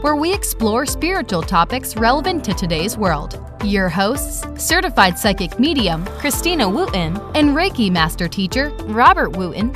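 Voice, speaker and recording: A woman reads a scripted podcast intro in a higher, very lively voice that rises and falls a lot. Her delivery is polished and upbeat, with music clearly playing underneath. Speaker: podcast announcer.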